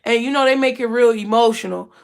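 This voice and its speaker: A woman's voice: on the high side, fairly quick, vocal fry, smooth. A young woman giving a casual, emotional spiritual reading straight to her viewers, often repeating herself and calling them y'all. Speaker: tarot reader.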